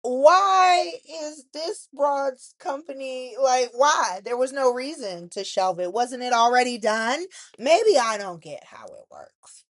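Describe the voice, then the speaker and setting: A woman's voice: high voice, big pitch swings, takes it slowly, dry recording. A woman hosting a soap opera recap, giving blunt, sassy commentary full of "like" and asides. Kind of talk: casual opinionated recap.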